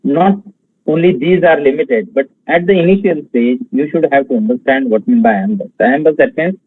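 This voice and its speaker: A man from India giving an online exam-prep lecture, talking slowly with many fillers and pausing to count out syllables and stresses. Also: fairly high pitch, slightly rough, dry recording, narrow, tinny audio. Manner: slow, halting delivery with many fillers, counting out feet and stresses.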